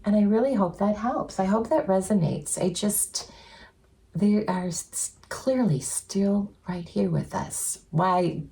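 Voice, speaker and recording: A woman telling stories in an earnest, chatty way, full of fillers and with softly voiced quotes, as co-host of a casual talk. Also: medium pitch, slow, vocal fry. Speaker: co-host sharing spiritual experiences. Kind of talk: casual storytelling chat.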